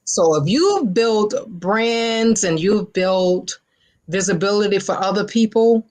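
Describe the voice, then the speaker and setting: A woman's voice: medium pitch, expressive, slow pace, darkish tone. A woman talk show guest speaking emphatically and motivationally, repeating phrases for stress in casual interview chat.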